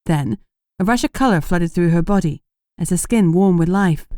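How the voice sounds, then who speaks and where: Low, mellow woman audiobook narrator. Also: normal speed, no room sound, studio quality. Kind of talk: scripted first-person narration.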